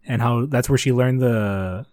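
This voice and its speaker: A man's voice: medium pitch, a little slow, darkish tone, no room sound, studio quality. A young man co-hosting an anime podcast, laid-back and slangy, saying bro and dude a lot. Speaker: podcast co-host. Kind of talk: casual chat.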